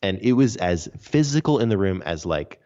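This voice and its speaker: Deep-voiced man telling a story. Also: big pitch swings, moderate pace, warm tone. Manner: earnest, emphatic recounting. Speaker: podcast guest. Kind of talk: casual interview storytelling. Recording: dull lo-fi audio.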